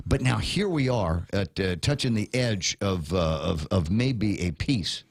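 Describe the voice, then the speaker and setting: A man's voice: lowish voice, expressive, moderate pace, few pauses, no echo. A middle-aged man from Guam hosting a casual morning radio talk show, rambling with many restarts and playful asides.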